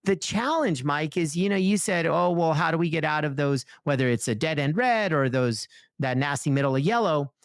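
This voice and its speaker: A man talking as a podcast guest and author, telling energetic stories with lively voiced asides. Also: fairly high pitch, normal speed, dry recording, studio quality. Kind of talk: conversational interview.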